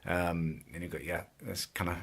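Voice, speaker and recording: Man, low husky voice, mocking casual rant. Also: fairly even intonation, moderate pace. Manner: mocking, incredulous, laughing at the subject. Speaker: YouTuber reacting to a video about him.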